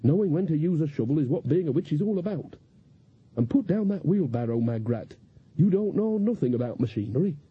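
A practical, earthy old witch woman from a storybook reading, voiced by a male narrator. She talks in a homely, plain-spoken way, in a husky voice pitched a little above his own. The sound is slightly dull and lo-fi. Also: lively intonation, brisk, exaggerated voice. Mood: bossy.

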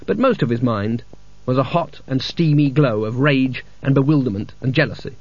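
A man narrating a comic fantasy novel as an audiobook in a dry, measured storytelling manner. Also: mid-range voice, expressive, husky, dry recording. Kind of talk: scripted narration. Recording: dull lo-fi audiobook recording.

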